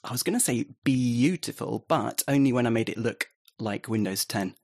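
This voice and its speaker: A man's voice: medium pitch, moderate pace, creaky, a little mellow. A man joining a podcast as a guest in casual chat, friendly and easygoing.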